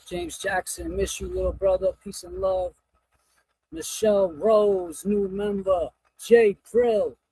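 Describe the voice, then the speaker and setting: Guy on a livestream reading chats, high gravelly voice, jumps all over the place, kinda stressed out. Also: slight background noise, poor audio. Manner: animated, thanking viewers one by one. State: stressed and overwhelmed. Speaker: livestream host. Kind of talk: casual livestream chat, reading super chats.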